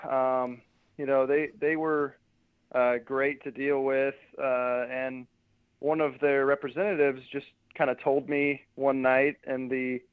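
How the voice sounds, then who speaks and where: Guy phoning into a radio show, chatty, trips over his words a lot, slightly high voice, thin dry phone sound. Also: clean tone, no echo. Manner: chatty, stumbles and repeats words. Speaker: sports beat reporter, guest. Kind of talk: casual radio interview. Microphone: phone call. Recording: tinny dry phone line.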